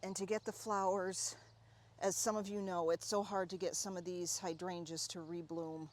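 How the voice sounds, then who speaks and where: A woman giving a casual, chatty tour of her home garden, talking warmly and excitedly about her plants as she walks. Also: lowish voice, normal speed. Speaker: gardening vlogger.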